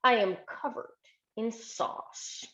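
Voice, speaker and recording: A woman's voice: on the high side, takes it slowly, sharp tone, roomy sound, highs cut off. A woman physician giving a storytelling presentation, talking earnestly and with emotion over a video call.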